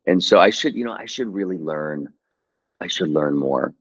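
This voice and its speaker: Man, 30s, low voice, hesitant casual storyteller, muffled lo-fi audio. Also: lively intonation, moderate pace, slightly rough. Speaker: actor, guest. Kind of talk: casual chat.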